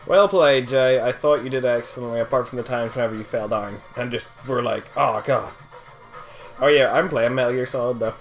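A man's voice: medium pitch, fast talker, hardly any pauses, soft background music, rough recording. A young man playing and chatting in a let's play, dry and crude, teasing his co-host. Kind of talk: casual gaming chat.

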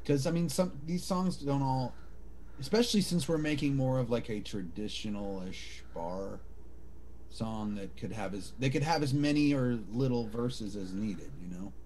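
A man's voice: medium pitch, moderate pace, a little mellow, slight background noise. A man singer-songwriter singing a rollicking tavern ballad and chatting casually between takes. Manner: sings a rollicking folk tune with guitar. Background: guitar.

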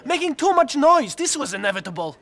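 A man's voice: very high voice, big pitch swings, brisk, sharp tone, exaggerated voice. A man playing an anxious male mobster in a video game, reasoning and pleading with his boss. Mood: explaining.

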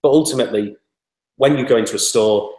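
A man's voice: medium pitch, fast talker, warm tone, reverberant. A man being interviewed, talking in a chatty, rambling way with many fillers. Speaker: interview guest, toy startup spokesman. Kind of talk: casual interview talk.

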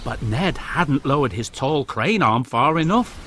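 A man narrating a children's storybook aloud in an expressive, sing-song way. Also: medium pitch, unhurried, slight background noise.

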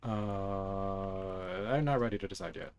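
A man streaming a game live, chatting softly and reacting to what he sees on screen. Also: low voice, slow pace, clean tone. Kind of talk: live game playthrough commentary.

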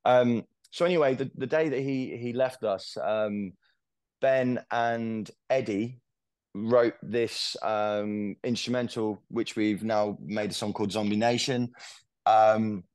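A man's voice: fairly low pitch, steady tone, slow pace, darkish tone, smooth, no echo. A young English man, a musician, telling stories in a casual interview, rambling with lots of fillers and restarts. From England. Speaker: musician guest.

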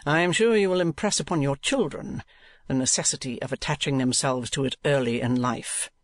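A man's voice: medium pitch, fairly quick, dry recording, close to an everyday voice. Male narrator as a cold, curt miserly uncle; sneering, businesslike, dry recording.

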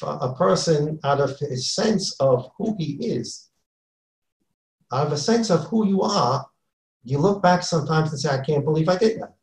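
A man's voice: a little high, lively intonation, normal speed, a little mellow, echoey room, poor audio. A man teaching a Torah class as a rabbi, earnest and repeating key phrases for emphasis, weaving in Hebrew and Yiddish terms. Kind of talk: Torah lecture.

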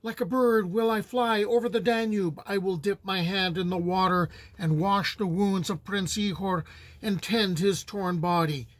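A young princess cries out from the ramparts in a mournful storybook reading, with a man giving her voice. Her calls are slow and pleading, set fairly high. The sound is close and dry. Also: steady tone, dry recording. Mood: mournful plea. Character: young princess lamenting her wounded husband.

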